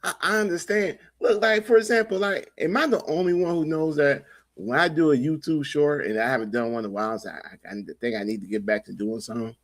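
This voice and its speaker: A man's voice: fairly high pitch, fast talker. A man co-hosting a podcast in casual banter, teasing his friend and swearing freely. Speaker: podcast co-host.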